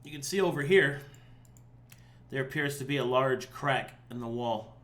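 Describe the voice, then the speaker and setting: A man's voice: mid-range voice, normal speed, a bit bright. A man narrating a tabletop game as game master, explaining scenes and guiding players.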